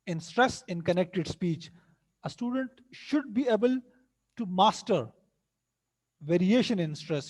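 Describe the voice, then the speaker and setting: High-voiced man lecturing. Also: darkish tone. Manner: repeats himself and rephrases, hesitant fillers. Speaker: teacher. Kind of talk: lecture mixing English and Hindi.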